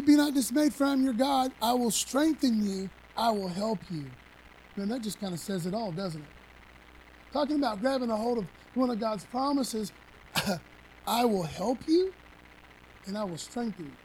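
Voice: medium pitch, a little mellow, slight background noise, poor audio. A preacher giving a conversational sermon, swinging between emphatic scripture reading and casual asides to the congregation.

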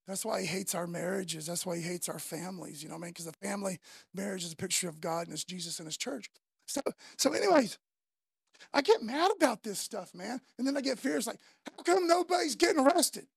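A woman's voice: lowish voice, a little fast, gravelly, slightly rough, dry recording. A woman preacher delivering a fervent, conversational sermon full of casual slang.

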